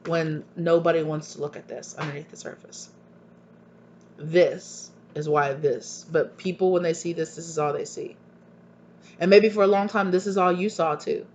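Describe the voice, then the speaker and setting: In a dull lo-fi recording with a faint hum, a male tarot reader addresses viewers earnestly and emphatically. He keeps a steady tone and moderate pace in a slightly high voice, often repeating himself and putting pointed questions to them.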